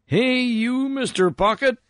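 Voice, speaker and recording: A man's voice: sits high, expressive, a little slow, no room sound, clean studio sound, pitched above the performer's own voice. A man reading aloud and voicing a lone gold prospector who talks to himself in a folksy drawl. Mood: calling out.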